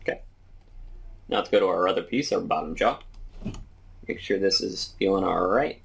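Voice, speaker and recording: Deep gravelly man explaining a tutorial. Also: normal speed. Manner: relaxed step-by-step explaining while working. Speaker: 3D modeling instructor. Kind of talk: screen-recorded software tutorial.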